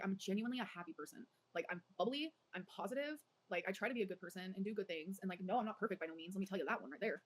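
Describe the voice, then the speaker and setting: A woman livestreamer talks at a quick clip in a loose, rambling way. Her sentences lean heavily on "like" as she chats casually with her viewers, at a middling pitch. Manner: rambling, heavy use of "like".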